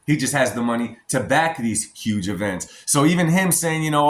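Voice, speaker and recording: A man's voice: mid-range voice, animated, a little fast, hardly any pauses, reverberant. An American man giving a casual, emphatic opinion vlog as a boxing commentator, often addressing his viewers as y'all. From United States.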